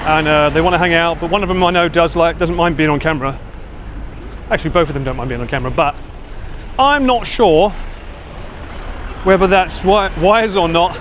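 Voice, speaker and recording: A man's voice: fairly high pitch, a little hiss or hum. A man with an Essex accent chatting casually with his live viewers while walking city streets, teasing and laughing as he goes. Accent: Essex English. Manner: lively, laughing, teasing banter with swearing. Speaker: IRL livestreamer.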